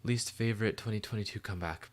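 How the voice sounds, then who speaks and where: A man hosting a livestream, chatting casually and excitedly while answering chat questions, rambling with lots of fillers. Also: fairly low pitch, fast talker.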